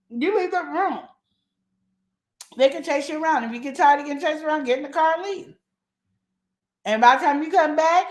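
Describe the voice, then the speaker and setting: Animated woman giving relationship advice. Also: sits high, fairly quick. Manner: emphatic, animated, acts out quoted voices. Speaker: host. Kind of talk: relationship advice talk show. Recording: echoey room.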